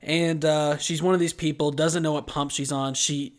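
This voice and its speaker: A man co-hosting a podcast, chatting casually and telling a story with lively acted-out voices. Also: a little high, moderate pace. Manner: animated storyteller, acts out quoted voices. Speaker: podcast co-host.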